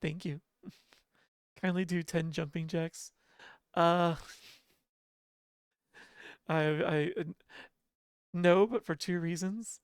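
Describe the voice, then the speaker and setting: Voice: mid-range voice, fairly even intonation, very slow, pauses often, smooth, no room sound, clean studio sound. A livestreamer chatting casually with viewers from home, laughing often and poking fun at themselves. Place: home apartment.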